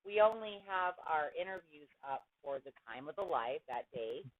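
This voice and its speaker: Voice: mid-range voice, lively intonation, normal speed, narrow, tinny audio, slight background noise. A radio host in casual chat with a guest, chatty and chiming in often. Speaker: interviewer.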